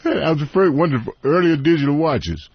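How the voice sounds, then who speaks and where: A man guest on a talk radio show, telling stories in an animated way and acting out the voices of other people. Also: a little high, brisk, background noise. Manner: animated, acts out voices in anecdotes. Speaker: studio guest. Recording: dull radio broadcast sound.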